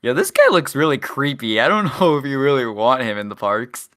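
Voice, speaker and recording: A man's voice: medium pitch, brisk. A man co-hosting a casual movie-review podcast, laughing often and joking along. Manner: laughs easily, jokey and lively. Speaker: podcast co-host. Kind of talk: casual chat.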